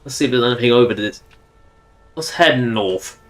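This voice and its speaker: A man's voice: mid-range voice, normal speed, fairly bright tone. A man from England giving rambling, chatty gameplay commentary on a livestream. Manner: rambling, chatty, with frequent restarts. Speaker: game streamer.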